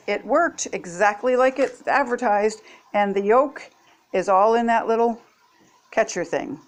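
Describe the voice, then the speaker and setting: This older woman, whose voice is a little high and evenly paced, reviews kitchen gadgets from her home. She demonstrates them while chatting warmly and homily to her viewers in a relaxed product-testing video.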